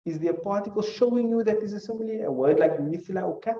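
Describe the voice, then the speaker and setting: A man's voice: high-pitched, quick pace, roomy sound, distant mic, dull audio. A male teacher gives a classroom lecture, explaining with examples and putting questions to his students.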